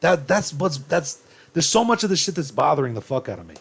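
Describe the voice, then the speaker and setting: A man's voice: on the high side, sing-song, fairly quick, gravelly, slightly rough. A young man, ranting angrily to his viewers with profanity and rhetorical questions. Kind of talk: heated opinion rant.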